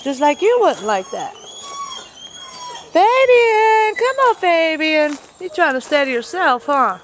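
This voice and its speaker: Woman pet owner, baby talk, coaxing sing-song, very high and lively; noisy home camcorder sound. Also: moderate pace.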